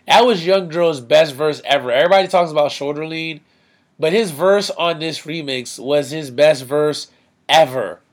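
A man's voice: a little high, normal speed. A man hosting a podcast in laid-back, slangy casual chat, breaking down rap verses with his co-host.

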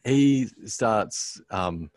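A very low-pitched man tells a personal story in a relaxed conversation. He pauses often on "um" and restarts his phrases as he thinks. The sound is close and dry, with no room around it. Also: no echo. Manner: halting, many "um"s and restarts. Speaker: pastor, guest.

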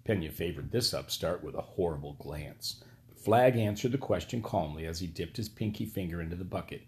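Male audiobook narrator, low voice, steady and even delivery. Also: fairly quick.

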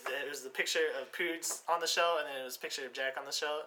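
A man's voice: fairly high pitch, steady tone, fast, pushed and bright, slight background noise. A man in casual chat with friends, joking and teasing, swearing freely.

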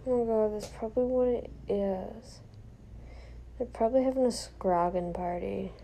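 Young woman, casual late-night vlog, rambling, drifts into whispers, mellow voice, faint room hum. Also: mid-range voice, moderate pace, vocal fry, low-quality recording. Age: young adult. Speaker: vlogger.

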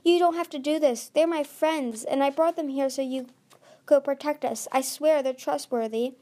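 Earnest young storybook dragon, pleading, higher and louder than the narration, read by a woman. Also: animated, moderate pace. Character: earnest young female sea dragon leader.

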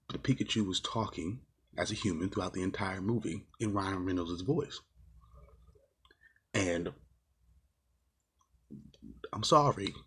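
A man's voice: low voice, slightly rough. A man giving a casual, exasperated movie review, rambling with fillers and swearing often. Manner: rambling with many fillers and restarts.

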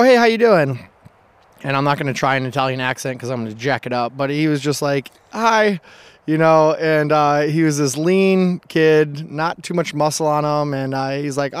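A man, a gym coach and podcast co-host, telling stories in a lively, chatty way and laughing often. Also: medium pitch, clean tone, no echo. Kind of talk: casual chat, anecdotal storytelling.

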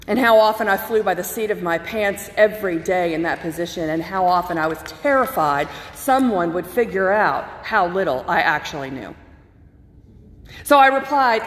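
A woman pastor giving a sermon, telling personal stories in an earnest way and slowing down to stress key phrases. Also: mid-range voice, lively intonation. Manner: earnest, personal storytelling with emphatic slowed phrases. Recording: echoey hall with long reverb.

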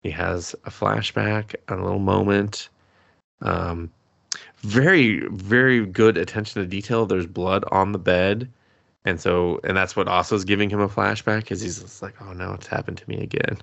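Deep gravelly man, casual recap. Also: steady tone, normal speed, fairly bright tone, no room sound, highs cut off. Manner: rambling plot recap, laughing, profane. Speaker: podcast co-host. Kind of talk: casual anime review chat.

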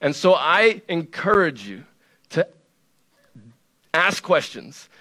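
A man's voice: on the high side, sing-song, slow pace, sharp tone. A man preaching a sermon in a conversational, playful way, driving points home with emphatic repetition. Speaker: pastor.

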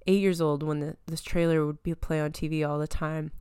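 A woman's voice: low voice, level tone, a little fast, mellow, smooth, dry recording, studio quality. A woman in her thirties hosting a podcast, rambling casually with frequent restarts. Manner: rambling, chatty, trails off and restarts. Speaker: podcast host. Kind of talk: casual chat.

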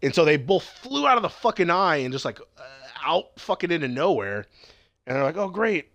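A man in his thirties, co-hosting a podcast, recapping an episode in casual, animated chat and swearing freely. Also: a little high, fairly quick. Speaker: podcast co-host.

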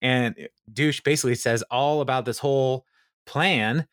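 A man's voice: medium pitch, steady tone, a little slow, no echo, studio quality. A man co-hosting a podcast, recapping a TV episode in casual chat, quoting scenes and laughing often between fillers. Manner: laughs often, recounts scenes with quoted lines and many fillers. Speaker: podcast co-host.

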